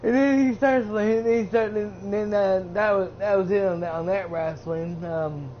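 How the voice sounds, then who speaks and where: A man's voice: high voice, steady tone, moderate pace. A man who streams, giving a casual, rambling recap of a wrestling show. He uses lots of fillers and restarts his sentences. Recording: dull lo-fi with faint hiss.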